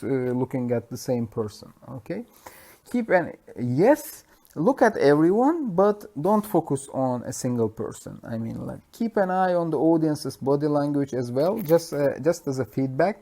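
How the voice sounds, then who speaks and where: A Turkish-accented university lecturer gives a conversational, self-recorded lecture, full of fillers and self-corrections. His voice is medium in pitch and dark in tone, captured on his own lecture mic.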